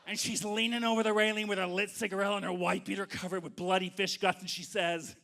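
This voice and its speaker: A man telling a comic story live on stage to an audience, animated and acting out voices. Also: high voice, fast talker, gravelly.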